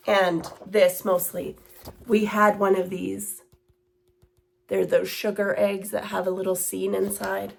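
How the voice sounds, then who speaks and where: A woman in her thirties talks about her needlework in an unhurried way. She wanders off into asides and fillers, and her pitch sits in a middle range. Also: gravelly. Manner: rambling and chatty, with many fillers and asides. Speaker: cross-stitch vlogger. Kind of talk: casual chat.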